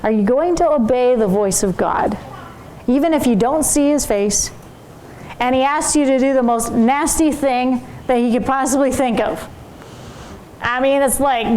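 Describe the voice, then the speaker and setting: A tired woman teaching a Bible story in an animated, conversational way, asking her listeners questions. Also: high-pitched, a little slow, long pauses, slight background noise, poor audio.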